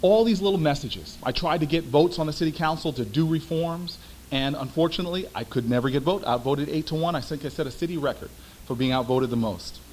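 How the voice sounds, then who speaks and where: A young man, a former city councilman, giving a storytelling speech with emphatic, animated delivery. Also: on the high side, a little fast, slight background noise, rough recording.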